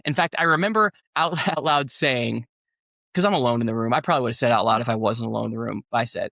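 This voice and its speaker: A man's voice: mid-range voice, fast, creaky, sharp tone, no echo, studio quality. A man, a pastor, telling a personal story on a podcast in an earnest, rambling way with many fillers. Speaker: pastor and guest.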